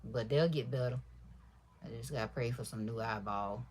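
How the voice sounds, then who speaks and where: A woman chatting casually to her livestream viewers while sewing, deliberately keeping her voice quiet and soft, calling them y'all and baby. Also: slightly rough. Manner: talks low and soft on purpose. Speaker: livestream crafter.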